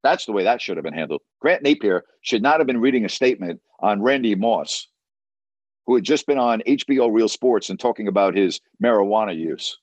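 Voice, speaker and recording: A man's voice: on the low side, lively intonation, a little fast, dry recording. A man who works as a sports broadcaster tells a story in a blunt, emphatic way, often repeating words for stress. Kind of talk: storytelling monologue.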